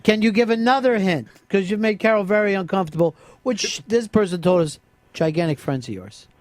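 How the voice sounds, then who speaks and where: A man's voice: high-pitched, fairly quick, a little mellow, no room sound. Teasing male radio host, dry studio sound. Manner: teasing, joking. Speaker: radio talk show host. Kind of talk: radio talk show banter.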